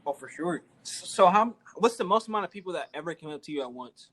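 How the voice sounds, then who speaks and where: A man's voice: fairly high pitch, animated, fast, a bit bright. A teenage boy with a slightly raised voice hosts a casual podcast interview. He asks his questions loosely and restarts phrases now and then as he goes. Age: teens. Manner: easygoing questions with small restarts. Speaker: podcast host.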